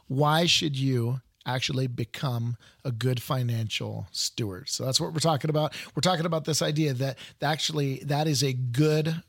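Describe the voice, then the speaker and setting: Gravelly-voiced pastor hosting a podcast. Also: male voice, a little high. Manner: upbeat, joking, with restarts. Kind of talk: casual podcast chat.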